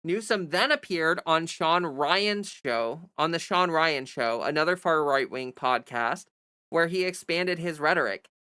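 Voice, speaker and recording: A woman's voice: low voice, a little slow, bright, forceful tone, smooth, no echo, studio quality. A young woman hosting a livestream, reading a news article aloud and breaking off into exasperated, sarcastic commentary. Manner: reads news text, then breaks off into exasperated sarcastic asides.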